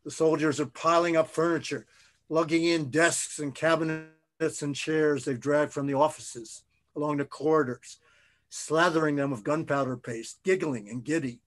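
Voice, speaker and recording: A man, an author, reading his own novel aloud in a measured, expressive way. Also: fairly high pitch.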